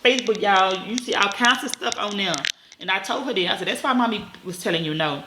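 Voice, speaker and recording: A mother in her thirties telling a story to her viewers, talking fast and bluntly and swearing freely. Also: mid-range voice. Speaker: vlogger, mother. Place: at home. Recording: echoey room, faint noise.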